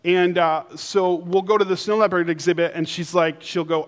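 A man preaching a sermon, telling stories with playful voices, then slowing and softening for emphasis. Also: sits high, flat delivery. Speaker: pastor.

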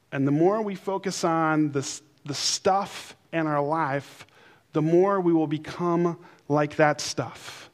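Male pastor, sermon, slightly high voice, story-driven, drops soft and slow for emphasis. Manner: storytelling with playful put-on voices, then slowing and softening for emphasis.

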